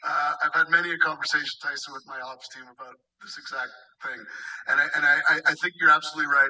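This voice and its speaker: A man from Canada speaking on a panel as a commercial executive, emphatic and quick to laugh. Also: mid-range voice, bright, forceful tone, far from the mic, low-quality recording. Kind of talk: panel discussion.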